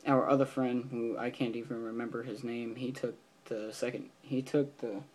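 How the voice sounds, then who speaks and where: A man's voice: medium pitch, steady tone, moderate pace, a little hiss or hum. A teenage boy telling a story in a casual vlog, rambling with lots of fillers and restarts. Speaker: vlogger.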